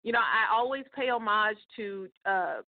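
A woman's voice: mid-range voice, normal speed, dry recording. Chatty motivational woman on a tinny line. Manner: chatty, preachy, addresses listeners directly. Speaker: podcast host and success coach. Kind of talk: casual motivational talk. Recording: tinny phone-like line, dry.

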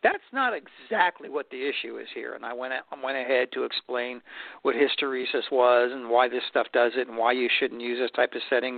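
A man hosting a stone and tile advice show, telling stories to listeners in a relaxed, folksy way and often repeating words as he thinks. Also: mid-range voice, no echo. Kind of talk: casual storytelling to listeners. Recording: dry tinny phone-line sound.

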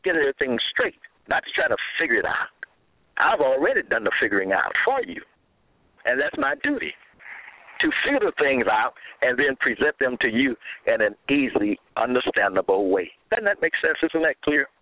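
A man's voice: mid-range voice, wildly swooping pitch, fairly quick, no room sound. A man preaching a radio-style sermon, teaching in a didactic way and asking the listener rhetorical questions. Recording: tinny phone-line sound, dry.

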